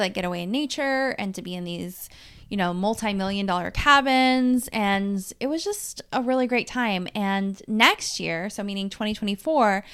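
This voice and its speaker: A woman in her forties from the Dallas-Fort Worth area speaks in a smooth, clear voice at an ordinary middle pitch. She hosts her own podcast as a life coach. She talks in a candid, chatty way, swearing freely and speeding up or slowing down as she tells a story. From Dallas-Fort Worth, Texas. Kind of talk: casual solo podcast monologue.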